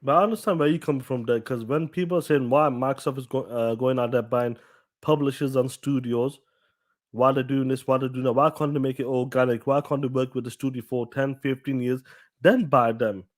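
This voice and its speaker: A man's voice: mid-range voice, steady tone, a little fast. A man co-hosting a casual podcast, emphatic and repeating his points to drive them home. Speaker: podcast co-host. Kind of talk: casual chat.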